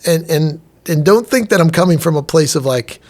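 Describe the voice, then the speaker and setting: A middle-aged man telling stories in a relaxed podcast conversation. His voice sits a little higher than most men's. He talks casually and acts out the dialogue as he goes. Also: moderate pace. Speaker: chef and restaurant owner, podcast guest. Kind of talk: storytelling in a podcast interview.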